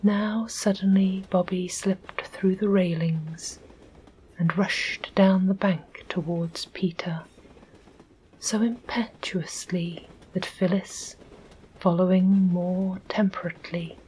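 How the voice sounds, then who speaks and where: Give me a slow, soft-whispering English woman for whispered ASMR narration. Her voice sits slightly low and unhurried, calm and hushed the whole way through, with faint ambient noise behind it. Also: poor audio. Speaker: audiobook narrator.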